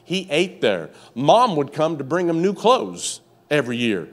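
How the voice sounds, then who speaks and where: A pastor preaching a sermon, telling a story with many stammered restarts and jumping up high in pitch to act out its scenes. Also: male voice, big pitch swings, measured pace, a bit bright.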